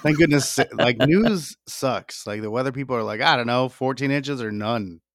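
At a moderate pace and medium pitch, a man co-hosts a casual podcast over a headset mic. He jokes crudely and swears freely, and his fairly bright voice is recorded dry.

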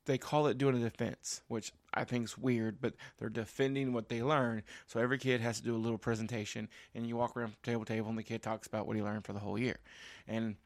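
A man's voice: medium pitch, fast talker, dry recording. A man with a mid-range voice tells stories in a casual chat, often repeating words as he restarts, then picking up speed. The sound is dry and close. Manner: stammering restarts, animated when telling stories. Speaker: podcast co-host and parent.

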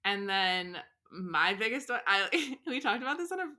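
A young woman co-hosting a podcast, telling stories in an animated, giggly way. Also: mid-range voice, normal speed. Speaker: podcast co-host. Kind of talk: casual chat.

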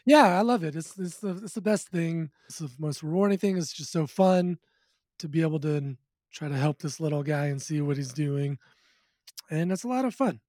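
A man's voice: a little high, expressive, moderate pace, a little mellow, no room sound, clean studio sound. A man being interviewed about his music who talks in an easygoing, casual way and laughs often. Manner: easygoing, laughs often, slips into playful quoted voices. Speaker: musician guest.

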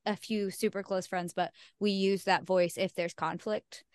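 A young woman chats candidly as a podcast guest, mocking herself, cursing freely and laughing easily. Her voice sits at an ordinary pitch for a woman. The recording is close and dry, with no room sound. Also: fairly even intonation, measured pace, clear, resonant tone, no echo. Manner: frank and self-mocking, swears freely, laughs often. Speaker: podcast guest, singer-songwriter. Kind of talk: candid casual chat.

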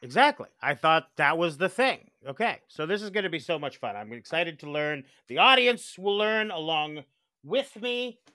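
Male podcast co-host, excitable and chatty, bright tone, dry close mic. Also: a little high, moderate pace, no room sound. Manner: enthusiastic, chatty, many restarts. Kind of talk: casual podcast chat.

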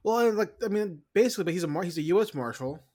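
A man's voice: high voice, expressive, rapid-fire, mellow. A man co-hosting a podcast in casual chat, emphatic and profane, rambling through his points. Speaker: podcast co-host.

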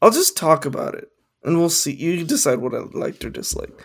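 A man's voice: fairly high pitch, sing-song, a little fast, husky. A man co-hosting a casual movie review podcast, rambling with lots of fillers and the odd swear. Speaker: podcast co-host.

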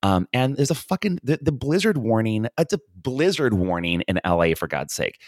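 A man with a very low voice co-hosts a podcast in loose, rambling chat, full of fillers and restarts. The sound is close and dry, with no room around it. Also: sing-song, moderate pace, a little mellow, dry recording. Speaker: podcast co-host. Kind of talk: casual chat. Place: lives in Ireland.

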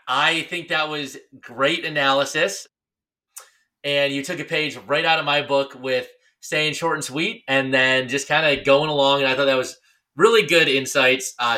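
A young man co-hosting a sports podcast, chatting in a relaxed, slightly rambling way. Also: mid-range voice. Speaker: podcast co-host. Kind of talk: casual sports chat.

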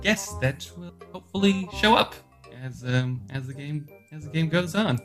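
A man running a tabletop game as game master, talking with many pauses and restarts. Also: a little high, lively intonation, fairly bright tone, soft background music. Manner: halting, lots of fillers and restarts.

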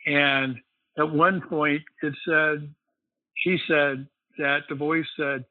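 A man's voice: fairly high pitch, little pitch movement, slow, dry recording. A man, a guest, casually telling a long story in a rambling way, filled with "you know.". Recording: phone-like line, dry.

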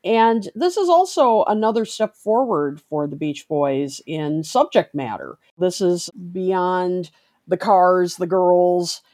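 A woman co-hosting a music podcast speaks slowly, with a fairly low pitch. Her voice is close and dry, and she talks about a song with enthusiasm. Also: warm tone, no room sound. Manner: enthusiastic, measured. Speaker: podcast co-host. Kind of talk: casual music chat.

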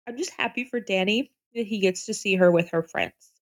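A woman co-hosting a casual book discussion podcast, animated and acting out characters' lines. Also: medium pitch, fairly quick. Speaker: podcast co-host.

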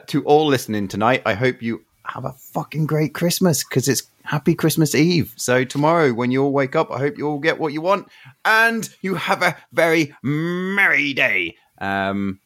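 Homem em conversa descontraída de podcast. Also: male voice, mid-range voice, fairly bright tone. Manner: casual, swears freely. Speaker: podcast co-host. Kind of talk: casual chat.

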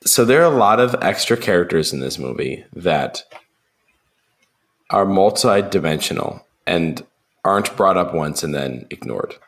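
A young man with a very deep voice co-hosts a relaxed podcast chat about a film. He rambles, fills gaps with ums, and slips into acted-out quotes. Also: unhurried. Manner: rambling, lots of ums, acts out film lines in a raised voice. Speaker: podcast co-host.

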